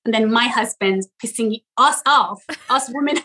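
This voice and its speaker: Bright-voiced Iranian woman telling stories. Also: a little high, normal speed, poor audio. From Iran. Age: 40s. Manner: animated storytelling, laughs often, many fillers. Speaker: guest, content creator. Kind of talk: casual interview chat.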